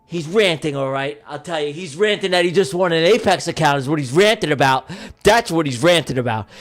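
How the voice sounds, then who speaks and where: A man hosting a livestream giveaway, calling a mock race in a joking, excitable way that bursts into shouts. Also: fairly high pitch, brisk. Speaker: livestream host running a giveaway. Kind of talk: mock race-caller commentary.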